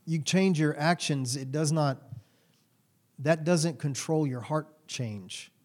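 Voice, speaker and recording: A man in his forties preaching a sermon, telling folksy stories with sudden loud bursts. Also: fairly high pitch, slow pace. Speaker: pastor.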